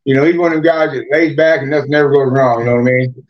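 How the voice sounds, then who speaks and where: A man's voice: mid-range voice, fairly even intonation, racing. Cursing, rambling man. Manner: rambling, heavy cursing, filler "man" and "you know". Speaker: podcast guest, moonshiner. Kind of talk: casual storytelling. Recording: dull lo-fi podcast audio.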